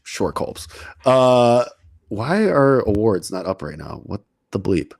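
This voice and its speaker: A man's voice: lowish voice, very animated, creaky, darkish tone, no room sound, studio quality. A man co-hosting a sports betting podcast, talking in a casual, rambling way with frequent restarts. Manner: talks fast with frequent restarts and fillers.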